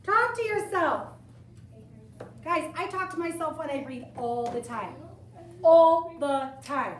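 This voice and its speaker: Casting: high-voiced young woman teacher, chatty and animated, in an echoey classroom caught from a distance. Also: measured pace, a little hiss or hum. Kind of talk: classroom lesson to students. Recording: echoey room, camera from far off.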